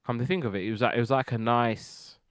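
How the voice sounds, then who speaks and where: A man's voice: medium pitch, fairly even intonation, fast, no room sound. A British man hosting a casual TV review podcast, enthusiastic and rambling with repeated words. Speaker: podcast host.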